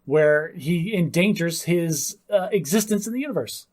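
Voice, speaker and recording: A man co-hosting a podcast in casual chat. He teases his co-host in a playful way and rushes through some phrases. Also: on the high side, expressive, darkish tone. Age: adult.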